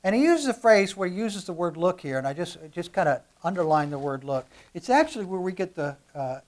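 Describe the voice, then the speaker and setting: Male pastor mid-sermon, animated, jumps from quiet to loud, stumbles and repeats words as he goes. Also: high voice. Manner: repeats words when restarting.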